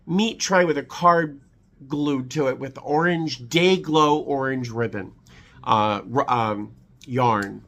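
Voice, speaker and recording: A man with a medium-pitched, pushed, bright voice chats sentimentally on his video channel. He's teary as he opens holiday cards and shares memories, filling his talk with fillers and restarts in an emotional, casual vlog.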